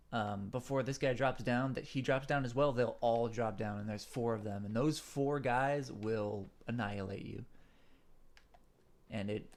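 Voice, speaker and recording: A man commenting casually on his own gameplay, a little stuffed up, rambling with many fillers and asides. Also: medium pitch. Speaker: gaming channel host.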